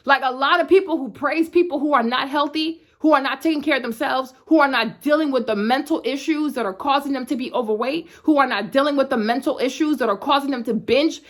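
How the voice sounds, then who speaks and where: A woman in her thirties talking straight to her viewers in a blunt, emphatic way, often asking "you know what I'm saying". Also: sits high. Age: 30s. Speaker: vlogger. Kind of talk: direct-to-camera talk.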